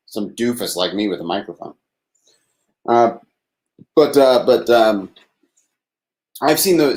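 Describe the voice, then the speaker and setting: A man's voice: medium pitch, darkish tone. A man hosting a live call-in show alone at his desk, rambling and self-deprecating, sighing and swearing, with a thin, slightly whiny voice. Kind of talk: rambling solo live-stream chat. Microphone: desk microphone without processing.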